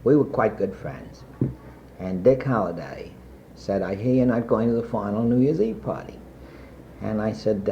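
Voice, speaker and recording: An older man being interviewed, telling a long personal anecdote in a rambling way with many pauses and fillers. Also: fairly low pitch, lively intonation, dark tone, slight background noise. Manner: rambling anecdotal, frequent "uh" and asides. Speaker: interviewee recalling his past. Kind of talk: oral history storytelling. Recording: muffled archival tape.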